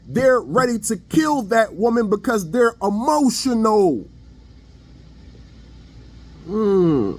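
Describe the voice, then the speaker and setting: A man giving a blunt, preachy opinion monologue online in casual slang. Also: high-pitched. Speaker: online commentator.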